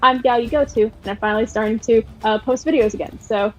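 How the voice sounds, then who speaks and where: A woman's voice: on the high side, fast talker, soft background music. A woman who plays in a tabletop game stream, chatting in a bubbly, enthusiastic way as she plugs her channels. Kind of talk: casual chat, plugging her channels. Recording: muffled lo-fi mic.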